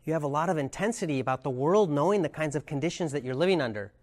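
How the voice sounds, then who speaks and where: A man voicing a patient male teacher who asks soft, gentle questions. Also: fairly high pitch, expressive, racing, close to an everyday voice. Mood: calm.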